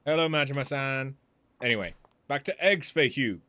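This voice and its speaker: A man voicing a brisk, bossy woman shopkeeper in a video game, speaking clipped, broken English in a put-on Chinese accent. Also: mid-range voice, sharp tone, natural voice. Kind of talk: reading game dialogue aloud.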